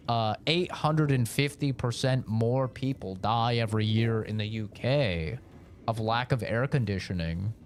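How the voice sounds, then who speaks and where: A man's voice: medium pitch, slight background noise. Rambling American man streaming. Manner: rambling, joking, swears freely. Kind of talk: casual live-stream chat.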